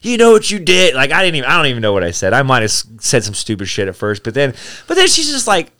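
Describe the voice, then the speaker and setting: A man in his thirties telling a story on a podcast, his bright voice swinging widely as he acts out what people said. He swears freely and laughs often. The talk is casual and full of energy. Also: medium pitch, huge pitch swings, fast. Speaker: podcast co-host. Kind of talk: casual chat.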